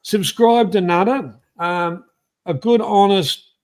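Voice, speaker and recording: A man's voice: high-pitched, takes it slowly. An Australian man hosts a casual livestream in a slightly raised voice, chatting bluntly and cheerfully. He rambles from one thought to the next, and his voice jumps up when he greets viewers by name. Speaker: livestream host. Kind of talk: casual live-stream chat.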